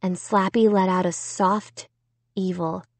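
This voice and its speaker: A woman's voice: medium pitch, fairly even intonation, slow, dry recording. Dramatic woman reading a scary children's book. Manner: dramatic, tense storytelling in first person. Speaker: audiobook narrator. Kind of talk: expressive audiobook reading.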